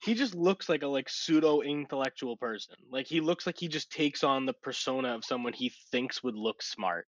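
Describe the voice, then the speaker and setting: A man co-hosts a relaxed podcast, making blunt and emphatic points and laughing easily. His pitch is ordinary for a man. The recording is dry and somewhat dull. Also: normal speed, few pauses, dry recording. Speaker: podcast co-host. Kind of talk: casual podcast chat.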